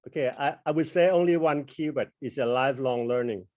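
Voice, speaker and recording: A man's voice: mid-range voice, a little fast, darkish tone, dry recording. Hesitant man hosting, dry close sound. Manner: hesitant, many "uh" fillers. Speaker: host of an online English class. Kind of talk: formal hosting.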